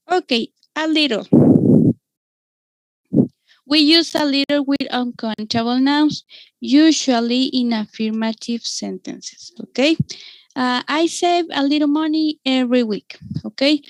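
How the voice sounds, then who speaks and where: Woman, Mexican-accented English teacher, high voice, slow and patient, dry close sound. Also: expressive, no room sound, low-quality recording. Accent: Mexican Spanish. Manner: patient, repeats "okay?" to check understanding. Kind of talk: online class teaching.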